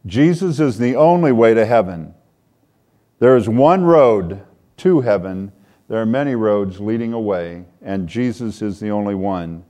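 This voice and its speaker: A man's voice: fairly low pitch, expressive, measured pace, warm tone. A man preaching a sermon in a conversational way, reading scripture aloud with more force. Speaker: pastor.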